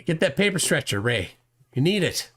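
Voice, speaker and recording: A man's voice: fairly high pitch, sing-song, normal speed, a bit bright. A man hosting a live stream, talking in a mocking, sarcastic way. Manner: mocking, sarcastic, acts out mock dialogues. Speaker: host.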